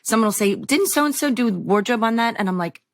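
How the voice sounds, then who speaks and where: A woman's voice: on the high side, lively intonation, brisk, no echo, studio quality. A woman guest on a podcast, chatting casually and telling self-deprecating stories. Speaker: guest actor.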